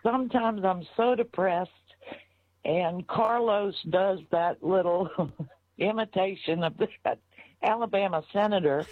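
An older woman calling into a radio show, telling a story warmly with soft laughs. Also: mid-range voice, measured pace, dry recording. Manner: warm, storytelling, laughing softly. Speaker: caller. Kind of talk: phone-in chat. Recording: muffled phone line.

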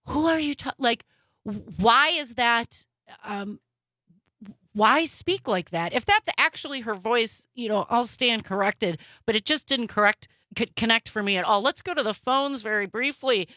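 Emphatic, bright-voiced woman radio host. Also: a little high, a little slow, dry recording. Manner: emphatic, opinionated. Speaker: radio talk show host. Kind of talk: political talk radio.

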